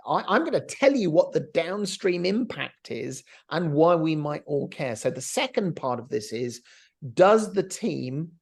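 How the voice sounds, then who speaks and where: In a casual business podcast conversation, this middle-aged co-host gets animated and acts out what others said. His voice is gravelly and runs a little high.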